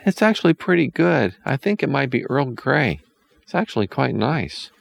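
A man's voice: mid-range voice, sing-song, moderate pace, creaky, pitched above the performer's own voice, full character voice. A man voicing a nervous young boy who worries and stammers as he talks. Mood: pleased. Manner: anxious, hesitant, stammering.

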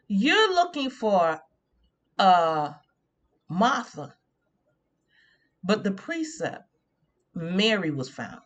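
A woman's voice: medium pitch, sing-song, extremely slow, pauses often. A woman preaching an informal sermon on a radio show, drawing words out and humming in agreement with herself.

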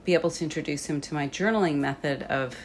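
Chatty host, woman, low voice, faint background noise. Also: fast talker. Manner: chatty, with frequent fillers. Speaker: host and English tutor. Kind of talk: casual chat.

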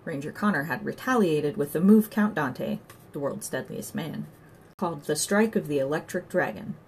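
A woman reads an audiobook aloud in scripted narration, telling the story in a measured, wry way. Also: sits low, lively intonation, a little mellow, slight background noise.

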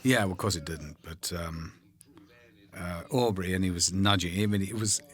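An older man recalling making a film in a relaxed, rambling commentary, full of ums and drifting into whispers. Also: sits low, normal speed. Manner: rambling, warm anecdotes, frequent ums, drops to whispers.

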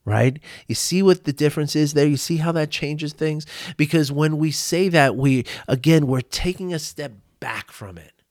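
A man's voice: fairly high pitch, normal speed, a little mellow, no room sound, clean studio sound. A man, a podcast host, casually teaching about emotions and mindfulness, often restarting his sentences and tagging them with "right?" for his listeners. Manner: rambling, self-correcting, frequent "right?" tag questions.

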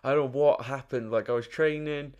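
A man's voice: mid-range voice, fairly even intonation, fairly quick, darkish tone, clean tone, muffled recording. Laughing, swearing young man. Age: 20s. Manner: swears a lot, laughs often, rambling stories. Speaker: podcast co-host. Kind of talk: casual chat.

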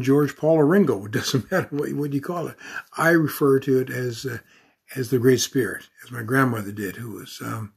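A man speaks in an earnest, repetitive motivational style, stacking affirmations and stressing key words. His voice is husky and slightly raspy, and his pitch sits in a middle range. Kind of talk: motivational talk.

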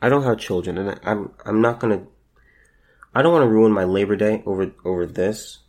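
Halting, emotional man on a podcast. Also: lowish voice, a little mellow. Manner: halting, repeats words, emotional and indignant. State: close to tears. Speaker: podcast host. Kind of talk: solo commentary podcast.

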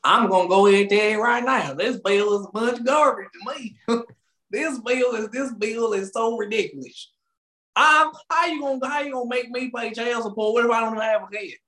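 In a room with noticeable echo, a man co-hosting a casual radio talk show jokes around and acts out scenes. His voice is very high, bright, and forceful, moving at normal speed.

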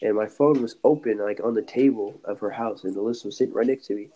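A man's voice: on the low side, quick pace, mellow, low-quality recording. A young man co-hosting a podcast, telling a rambling story full of fillers and restarts. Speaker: podcast co-host. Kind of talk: casual podcast chat. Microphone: podcast mic.

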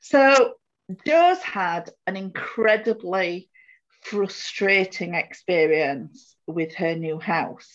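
A woman's voice: lowish voice, lively intonation, slow pace, highs cut off. A woman co-hosting a podcast, chatty and upbeat in casual conversation. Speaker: podcast co-host. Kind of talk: casual chat.

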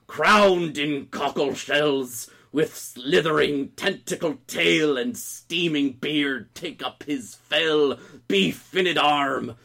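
A man voicing a furious old seafarer, booming out an archaic, theatrical curse in an impression of a film monologue. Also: vocal fry, bright, forceful tone, heavily acted. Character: furious old male sea-dog cursing a rival.

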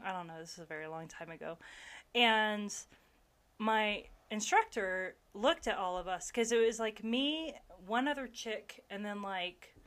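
Lively Southern woman telling stories. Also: mid-range voice. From American South. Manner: animated, laughing storyteller with frequent fillers. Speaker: army veteran guest. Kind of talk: casual storytelling chat.

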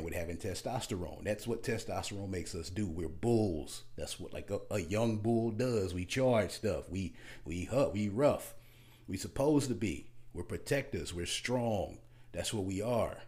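A man's voice: on the low side, a little mellow. A man talking straight to his audience in a casual, ranting monologue, blunt and emphatic, repeating words as he gets worked up.

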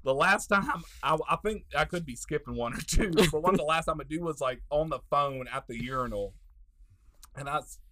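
A man on a casual podcast, telling profane stories loudly and laughing through them. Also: on the high side, brisk. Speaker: podcast co-host. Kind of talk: casual storytelling chat.

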